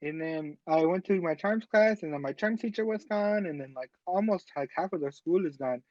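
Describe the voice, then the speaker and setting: A man's voice: on the high side, normal speed, darkish tone, no echo, highs cut off. A man playing a tabletop role-playing game in character, rambling casually with lots of fillers. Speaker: player.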